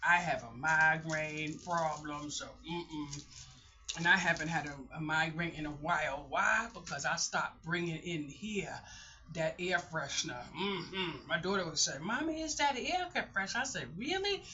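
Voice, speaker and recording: A woman's voice: sits low, measured pace, bright, forceful tone, a little hiss or hum. A middle-aged woman talking in a casual vlog, candid and rambling, often restarting her sentences. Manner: candid, rambling, self-interrupting. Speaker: vlogger. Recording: dull lo-fi sound.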